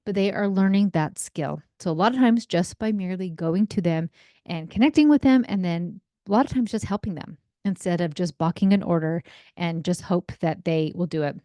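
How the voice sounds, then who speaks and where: A woman's voice: lowish voice, dry recording. Chatty woman coach, dry close sound. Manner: chatty, animated, acts out quick snippets of kids and parents. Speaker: parenting coach and podcast host. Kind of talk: casual solo podcast talk. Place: home in a desert region.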